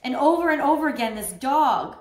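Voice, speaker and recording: A woman giving a casual spoken tarot reading, animated and laughing often as she tells a story. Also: high voice, brisk, roomy sound. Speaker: tarot reader.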